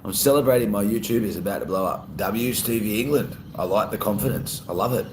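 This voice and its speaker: A man's voice: fairly low pitch, fairly quick, echoey room, noisy background. A man with an Australian accent, chatting casually on a live stream and reading out viewer comments. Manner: relaxed, chatty, laughs often.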